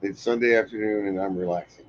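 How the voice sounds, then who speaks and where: A man's voice: fairly low pitch, fairly even intonation, fast talker, highs cut off, slight background noise. A man co-hosting a casual livestream, joking and teasing, a little tipsy. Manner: joking, teasing, laughs often. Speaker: co-host of a livestream. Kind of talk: casual chat.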